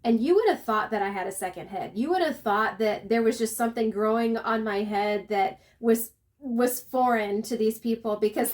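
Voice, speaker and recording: A chatty woman with a light Southern accent tells her travel story in a rambling, friendly way. Her voice sits a little high, and she trips over words and restarts sentences as she goes. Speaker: travel vlogger. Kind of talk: casual storytelling.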